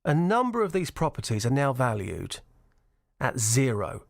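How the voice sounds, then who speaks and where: A man presenting a radio show, interviewing people outdoors at a protest in an animated, sympathetic way. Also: medium pitch, moderate pace, gravelly, no echo, clean studio sound. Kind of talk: radio interview and reading placards.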